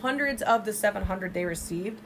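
A woman's voice: mid-range voice, normal speed, slight background noise. Chatty young woman telling a true-crime story. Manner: animated storytelling with swearing and asides. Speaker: podcast co-host. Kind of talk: casual true-crime chat.

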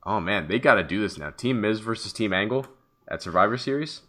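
A man co-hosting a casual chat show, talking in an excitable, rambling way and swearing freely. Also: fairly low pitch, brisk. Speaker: podcast co-host. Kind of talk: casual chat about wrestling.

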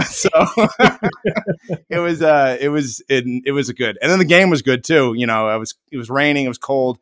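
A podcast co-host chats casually, telling stories with animation and acting out the voices of the people in them. He has a mid-range voice and talks at a moderate pace.

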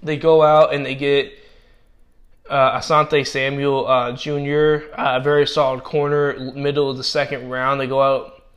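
A man giving casual commentary and grades on football draft picks, talking haltingly with many restarts while he is losing his voice. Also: mid-range voice, level tone, fairly bright tone, dull audio.

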